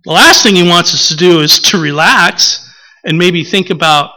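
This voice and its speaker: A man from the preaching a relaxed, conversational sermon, often pausing with filler words and acting out little stories. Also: high voice, poor audio. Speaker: pastor.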